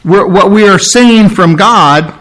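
Emphatic male preacher, slightly high voice. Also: takes it slowly, a bit bright. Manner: emphatic, repeats key words, varies pace widely. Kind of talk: expository sermon.

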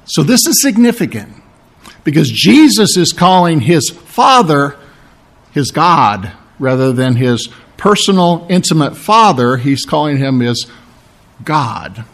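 A man preaching a sermon, teaching through a Bible passage. His voice is strained, he clears his throat often, and he keeps checking in with "okay?" and "all right?". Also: on the high side. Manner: explanatory, asks "okay?" and "all right?" for agreement. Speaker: pastor.

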